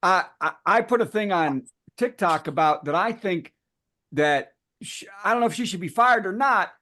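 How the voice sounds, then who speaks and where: A man host riffs with a guest on a video call, his voice swooping up and down in lively turns. He talks in quick bursts and trips over repeated words. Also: high voice. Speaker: comedy show host.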